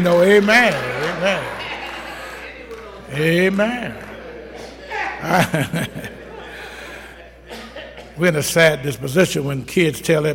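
Telling personal stories from the pulpit, an older pastor punctuates his sermon with amens in a folksy style. His high, slightly bright voice trails off into the long reverb of the church sanctuary.

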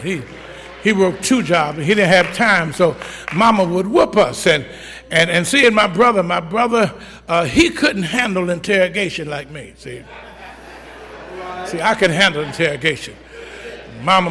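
A man's voice: high-pitched, lively intonation, moderate pace, sharp tone, in a large hall. A middle-aged man preaching a sermon, telling folksy stories and calling for amens from the congregation. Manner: storytelling, folksy, call-and-response. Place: church.

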